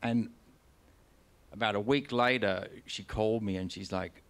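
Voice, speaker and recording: An Australian man with a somewhat low voice tells his stories on stage. He rambles and restarts often, swears casually, and sounds candid and unpolished, as in a live conversation in front of an audience. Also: fairly even intonation, unhurried. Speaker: guest author. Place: stage of a concert venue.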